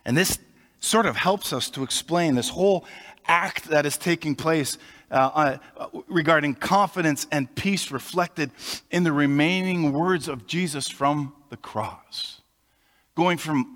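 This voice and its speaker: A man preaching from the pulpit, his slightly higher-than-average voice carrying through a long hall reverb. He explains things in a conversational way and pauses for emphasis between phrases. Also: fairly bright tone. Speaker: pastor. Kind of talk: sermon.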